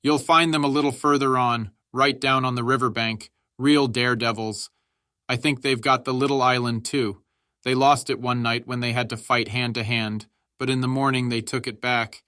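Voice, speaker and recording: A man's voice: mid-range voice, fairly even intonation, moderate pace, pushed and bright, clear, resonant tone, dry recording, clean studio sound, close to an everyday voice. A man reading a weary, sardonic veteran soldier. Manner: sardonic, chatty.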